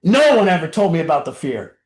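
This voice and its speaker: A man speaking to a recovery group in an impassioned, confessional way, blunt and profane, dropping low and then shouting. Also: very animated, a little fast. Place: group meeting room. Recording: roomy echo.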